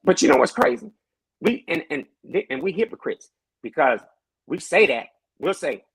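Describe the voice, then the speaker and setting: A man who is a pastor, talking in a casual podcast discussion with animated, preacher-like storytelling. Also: a little high, moderate pace, creaky, husky, dry recording, poor audio.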